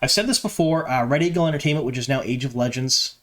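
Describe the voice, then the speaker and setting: Male fan-channel host, mid-pitched, chatty and opinionated, filler-heavy casual commentary. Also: expressive, fast talker, a bit bright. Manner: chatty, opinionated, many ums and uhs. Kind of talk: casual solo commentary to camera.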